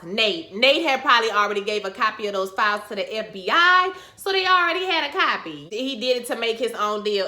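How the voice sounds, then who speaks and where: Bright, animated woman recapping TV. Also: high-pitched. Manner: animated, slangy, acting out quotes. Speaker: TV recap host. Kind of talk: casual recap vlog. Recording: echoey room.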